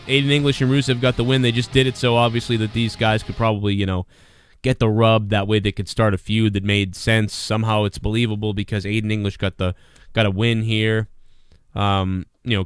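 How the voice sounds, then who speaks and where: A man hosting a casual wrestling review show, blunt and profane, running through supporter shout-outs and complaining about matches. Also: mid-range voice, clear, resonant tone, no echo. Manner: mimics wrestler promos in a louder voice. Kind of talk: casual solo review commentary.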